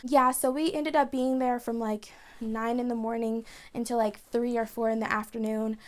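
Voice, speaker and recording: A woman's voice: a little high, flat delivery. A young woman telling a personal story in a vlog, chatty and emotional, with lots of "like" as she talks. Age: young adult. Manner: chatty, emotional, fast retelling with many "like"s. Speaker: vlogger.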